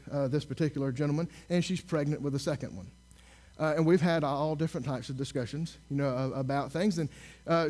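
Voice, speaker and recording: A male minister telling a story in a sermon, sarcastic and animated, acting out the people he talks to. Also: a little high. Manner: sarcastic, animated storyteller who acts out dialogue.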